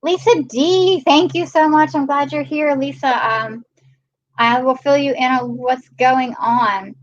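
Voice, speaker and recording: A chatty woman hosts a casual live stream and greets her viewers one by one. Her voice sits a little high. The audio is dull and lo-fi. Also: steady tone, a little slow, slight background noise. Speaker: live-stream host filling in.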